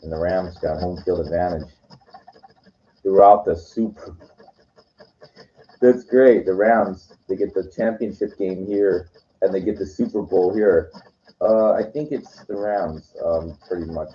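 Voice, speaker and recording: A man with a very deep voice talks in a casual, meandering monologue. He keeps restarting his sentences and leans on "you know" and "like". The recording is dull and lo-fi. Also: a little slow, long pauses. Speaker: weekend vlogger.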